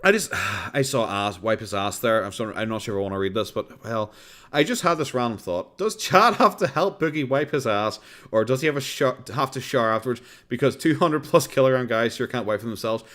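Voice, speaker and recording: An Irish man talks through a casual commentary stream in a mid-pitched voice. He is sarcastic and swears freely, and he keeps cracking himself up with laughter as he goes. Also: animated, a little fast, fairly bright tone. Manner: sarcastic, profane, laughs often.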